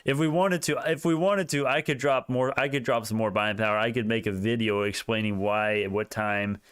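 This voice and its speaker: A young man hosting a casual stock market livestream, talking in an excitable, rambling way with many restarts. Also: medium pitch, moderate pace, clear, resonant tone.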